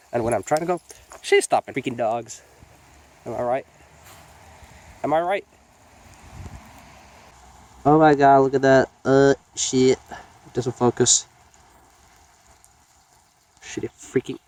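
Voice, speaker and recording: His voice medium in pitch with a darkish tone, a man vlogs on his phone beside a rainy lake. He's sniffling and falling ill, and he swears liberally while scolding and sweet-talking his dog.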